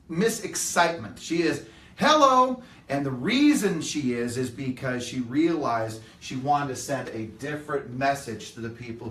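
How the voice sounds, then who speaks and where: With a fairly bright voice on the high side, a middle-aged man gives a motivational talk to a live audience in a meeting room. He is earnest and emphatic and performs the voices he quotes. The distant mic picks up an echoey room.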